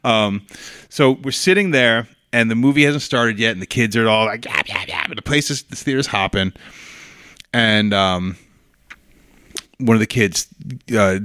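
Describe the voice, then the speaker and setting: A middle-aged man telling a story as a podcast guest, casually and with animated bits of acted-out voices. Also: lowish voice, measured pace, pauses often, clean tone, no echo. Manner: animated, acts out voices in his anecdote.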